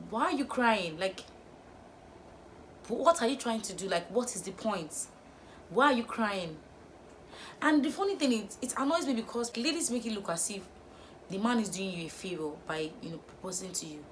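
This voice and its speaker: A young woman vlogging, firing off exasperated rhetorical questions in an animated opinion rant. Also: mid-range voice, slight background noise.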